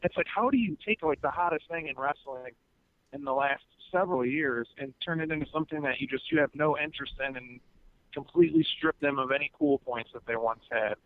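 A man's voice: fairly high pitch, fairly quick, no room sound. Man, podcast chat, rambling analysis, slightly muffled lo-fi sound, dry. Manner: rambling, analytical, many restarts. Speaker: wrestling podcast panelist. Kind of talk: casual chat.

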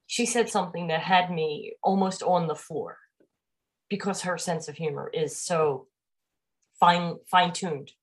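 A woman hosting a spiritual talk show, chatting casually and telling animated stories with frequent laughter. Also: on the low side, a little slow. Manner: animated storyteller, laughs often. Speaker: host. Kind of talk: casual chat.

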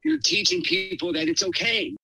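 A middle-aged man recounts a story as a podcast guest, rambling and animated. His voice is gravelly and very bright, swinging widely in pitch. The sound is dry and close. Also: moderate pace, dry recording, poor audio. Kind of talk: casual storytelling chat.

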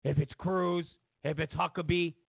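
A man's voice: on the high side, steady tone, moderate pace, creaky, husky, no room sound. A man hosting a political commentary show, mocking and sarcastic, repeating lines for emphasis. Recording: tinny phone-like sound.

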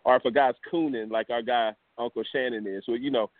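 A man's voice: medium pitch, steady tone, brisk, dry recording. A man from the US Gulf Coast co-hosting a boxing talk show, blunt and opinionated. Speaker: co-host. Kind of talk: casual sports talk. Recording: dry, tinny phone-like audio.

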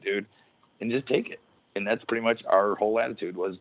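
A deep-voiced middle-aged man chats casually on a podcast. He rambles, swears often and breaks off mid-thought. The audio is narrow and tinny, like a phone call. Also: moderate pace. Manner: rambling, profane, restarts mid-sentence. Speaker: podcast host, former pro wrestler. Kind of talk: casual chat.

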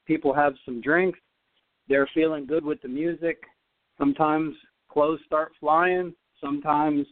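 A man, a former tennis player, telling a story as a podcast guest, animated and often repeating words as he goes. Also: a little high, no echo. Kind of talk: storytelling in an interview. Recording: dry, phone-like line.

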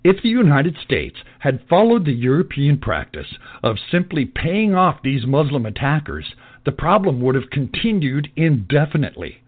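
A man's voice: a little high, big pitch swings, moderate pace, hardly any pauses. A man giving an emphatic, lecturing commentary in a scripted style. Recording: tinny phone-like lo-fi audio.

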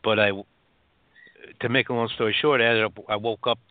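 A man from upstate New York telling his own story as a guest, halting, with many restarts and fillers, over a phone line. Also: medium pitch, steady tone, dry recording. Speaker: guest author.

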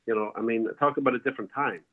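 A man, a bar owner, telling a rambling story at an ordinary pitch. He keeps restarting and filling gaps as he goes. His voice comes through a tinny, phone-like line. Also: steady tone, rapid-fire. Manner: rambling, with many restarts and fillers. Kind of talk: casual storytelling. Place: home, calling in by phone.

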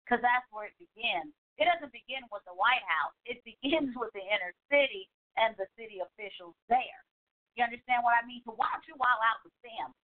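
Sassy high-voiced woman over a phone line. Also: fairly quick. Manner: animated, sassy, exclaims often. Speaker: talk show host. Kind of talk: casual call-in commentary. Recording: tinny phone-line sound.

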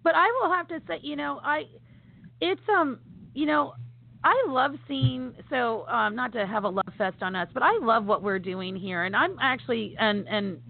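A woman's voice: a little high, normal speed, creaky, dry recording. A woman co-hosting a casual podcast chat, talking with enthusiasm and emphasis, with many fillers. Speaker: podcast co-host. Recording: phone-like audio with faint noise.

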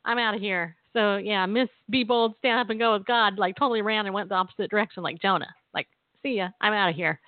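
A woman's voice: medium pitch, quick pace, hardly any pauses, no room sound. A woman radio co-host telling a personal story and encouraging listeners, chatty and given to laughing and acting out quotes. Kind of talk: testimony and exhortation. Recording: tinny phone-line sound.

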